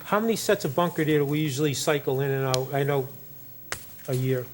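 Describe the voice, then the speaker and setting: Boston-accent commissioner dude, mid voice, casual quick questions at a city meeting. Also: male voice, mid-range voice, a little hiss or hum.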